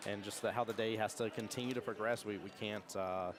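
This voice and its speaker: A man's voice: lowish voice, steady tone, a little fast. An American man giving chatty, rambling live stream commentary at a pool tournament. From United States. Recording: crowd noise.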